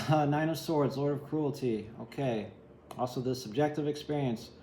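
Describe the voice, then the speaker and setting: A man's voice: medium pitch, a little slow, dark tone, roomy sound, a little hiss or hum, poor audio. A man giving a casual, rambling tarot reading, candid and sometimes swearing. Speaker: tarot reader.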